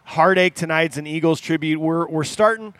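A man's voice: on the high side, normal speed, fairly bright tone, no room sound. A man hosting a casual podcast, rambling through announcements off the cuff. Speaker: podcast host and band member.

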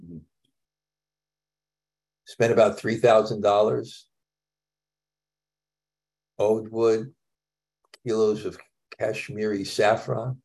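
A man leads a scripture class, his voice pitched a little low and rough with fry. He talks casually, restarting phrases and dropping in chuckling asides as he explains the text. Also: flat delivery, very slow, long pauses, darkish tone.

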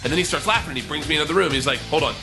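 A man telling a wild comic anecdote with lots of swearing, excitedly acting out the other people's lines in raised voices. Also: fairly high pitch, very fast, over music. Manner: profane, excitable, acts out the quotes in raised voices. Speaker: storyteller.

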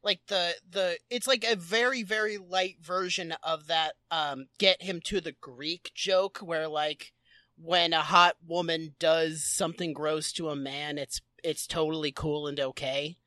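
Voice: mid-range voice, fairly even intonation, unhurried, bright, forceful tone, dry recording, studio quality. A podcast co-host rambling casually and jokingly, with lots of fillers. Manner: rambling, jokey, many fillers.

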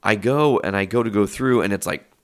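A young man casually retelling a story in a rambling, profane, animated way. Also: on the low side, fairly quick.

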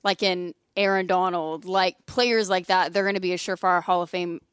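A woman's voice: on the low side, steady tone, normal speed, clear, resonant tone, dry recording, dull audio. A woman co-hosting a casual sports panel chat, chatty and upbeat, laughing often. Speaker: sports podcast co-host.

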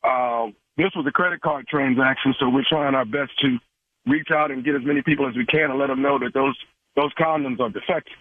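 A man's voice: medium pitch, fairly even intonation, a little fast, no echo, pitched above the performer's own voice, natural voice. A man playing a polite store manager making a phone call, hesitant and apologetic, on a phone line. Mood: calm.

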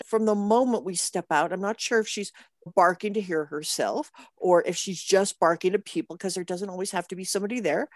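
A woman's voice: mid-range voice, dry recording, clean studio sound. A woman caller telling a trainer about her dog, rambling and laughing often. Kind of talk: casual chat.

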